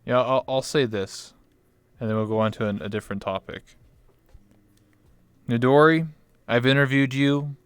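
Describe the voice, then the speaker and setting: A man's voice: medium pitch, fairly even intonation, normal speed, long pauses, clear, resonant tone, no room sound. A man hosting a casual streamed talk show, joking and self-deprecating with his guest. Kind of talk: casual chat on a live stream.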